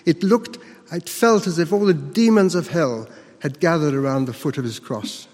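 A man performing a first-person monologue as a disciple recounting the crucifixion, speaking earnestly with emphatic dramatic pauses. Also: fairly high pitch, darkish tone, in a large hall, close to an everyday voice. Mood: intense.

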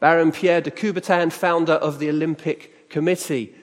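A man's voice: on the high side, fairly even intonation, moderate pace. A middle-aged British man giving a conversational church talk to a live audience, often asking them questions. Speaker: church speaker. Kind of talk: sermon-style talk. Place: church hall. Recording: reverberant hall.

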